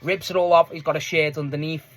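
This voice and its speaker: A man with a notably high-pitched voice recaps a wrestling match in loose, casual talk. He rambles from one moment to the next, restarts often, laughs readily and swears freely. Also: flat delivery, fast. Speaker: wrestling fan reviewer.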